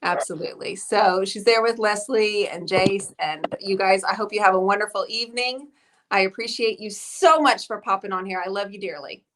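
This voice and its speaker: A woman's voice: medium pitch, normal speed, background noise. A woman hosting a live stream, chatting and telling a story with bubbly, effusive energy. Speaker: host of a live painting stream. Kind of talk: casual live-stream chat.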